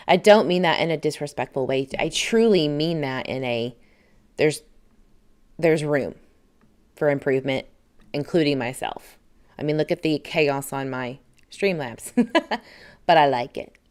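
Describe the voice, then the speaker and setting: A woman's voice: low-pitched, expressive, unhurried, pauses often, a little mellow. A woman with a Southern US accent hosting a casual livestream, chatting and reading viewer comments aloud with frequent laughs. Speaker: livestream host.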